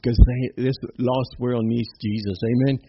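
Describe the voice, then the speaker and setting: A man's voice: mid-range voice, fairly even intonation, unhurried, breathy edge, lo-fi sound. A man preaching an informal, exuberant sermon, peppering his talk with amens and little laughs.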